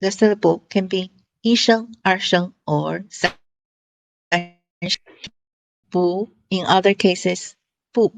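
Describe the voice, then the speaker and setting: A woman teaching tones in an online lesson, slowly repeating each syllable with patience. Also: on the low side, creaky, no room sound. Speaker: Mandarin teacher.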